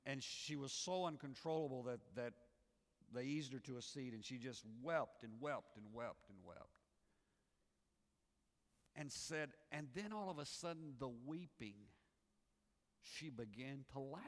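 A male pastor delivers a sermon at an unhurried pace, his voice carrying a gravelly edge. He tells his story earnestly, leaning on repeated phrases. The sound rings with the long reverb of a large hall. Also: mid-range voice.

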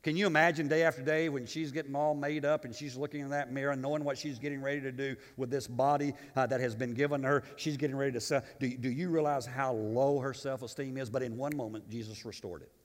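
A man preaching a sermon as pastor, swinging from booming proclamation to quiet conversational asides and often repeating his words. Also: steady tone, fast, few pauses, long reverb tail.

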